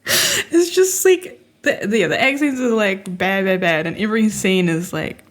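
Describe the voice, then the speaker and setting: A woman's voice: medium pitch, lively intonation, a little fast. A woman co-hosting a film podcast in casual chat, laughing often as she rants. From Australia. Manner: laughing, mocks accents with put-on voices. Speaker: podcast co-host.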